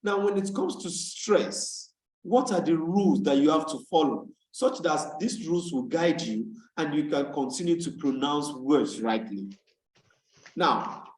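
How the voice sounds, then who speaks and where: A man from Nigeria teaches an online tutorial, his voice sitting a little high. He explains rules patiently and repeats key words slowly for students to copy. The call audio carries a noticeable room echo. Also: a little mellow. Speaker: English tutor. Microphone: video call. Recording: echoey room on a video call.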